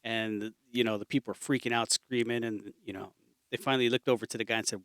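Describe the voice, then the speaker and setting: A man's voice: mid-range voice, fairly even intonation, quick pace, fairly bright tone, smooth, no echo, studio quality. A man co-hosting a casual podcast, telling a long joke in a rambling way and laughing at it himself. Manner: rambling storyteller, laughs at own jokes. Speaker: podcast co-host.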